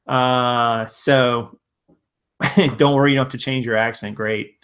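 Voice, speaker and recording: A man's voice: mid-range voice, fairly even intonation, takes it slowly, fairly bright tone. A man from Virginia hosting a casual live stream, answering viewer comments in a rambling, conversational way full of restarts. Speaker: live-stream host and reseller.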